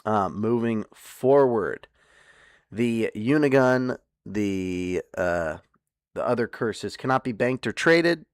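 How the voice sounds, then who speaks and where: Rambling low-voiced male streamer. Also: expressive, slow, clear, resonant tone, no room sound, clean studio sound. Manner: rambling, with many fillers and restarts. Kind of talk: casual livestream chat.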